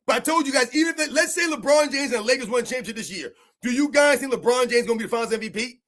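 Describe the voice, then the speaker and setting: A man's voice: very high voice, lively intonation, rapid-fire, fairly bright tone. A man streaming live, ranting about basketball in a heated, mocking way, firing off repeated rhetorical questions. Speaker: sports streamer. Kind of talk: live-stream sports rant.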